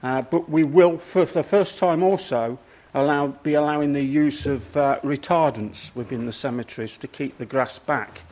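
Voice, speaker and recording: A man, a council portfolio holder, out of breath, answering questions at a council meeting in a halting way full of ums and restarts. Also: a little high, a little mellow.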